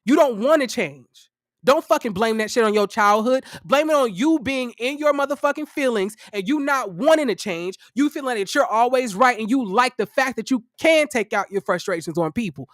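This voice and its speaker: A man giving casual reaction commentary on a reality show, profane and animated, with sassy, theatrical exclamations and dramatic asides. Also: very high voice, moderate pace, no echo, clean studio sound.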